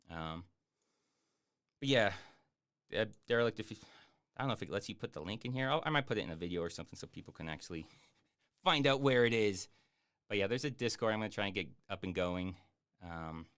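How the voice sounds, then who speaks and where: A man chatting casually on a live stream, answering viewer questions in a rambling, jokey way with lots of fillers and deadpan boasts. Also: low voice, fairly quick, pauses often, clear, resonant tone. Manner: hesitant with many fillers. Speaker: YouTube streamer answering chat.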